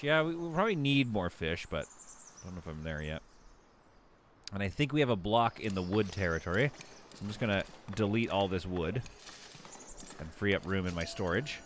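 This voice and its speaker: A man's voice: low-pitched, a little hiss or hum. A man giving casual live commentary while he plays a city-building game, rambling and correcting himself as he thinks aloud.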